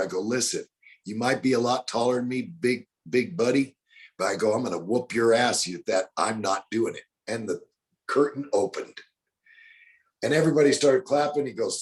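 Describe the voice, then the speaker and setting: An older man telling animated stories in an interview, acting out the people he quotes. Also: mid-range voice, measured pace. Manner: colorful storyteller, acts out quotes in other voices. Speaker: bounty hunter guest.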